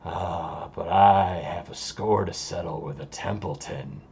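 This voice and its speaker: A man's voice: unhurried, gravelly, darkish tone, slight background noise. A man playing a whispery smirking villain. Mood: smug taunting. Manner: low, whispery taunting. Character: smirking male villain, cold and taunting.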